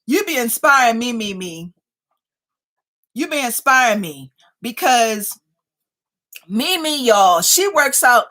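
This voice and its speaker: Fifties woman, live stream host; high, bright voice, chatty and quick to laugh. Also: very animated. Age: 50s. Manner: chatty, laughs often, teasing. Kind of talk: casual live chat reading viewer comments.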